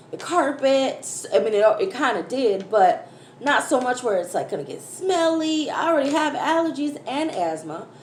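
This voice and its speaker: A woman, a mother, telling a story animatedly to her viewers in a casual chat while eating. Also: fairly high pitch. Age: adult, mother of a school-age daughter. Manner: animated, exclaiming, addresses viewers as y'all. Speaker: food vlogger. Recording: echoey room, faint background noise.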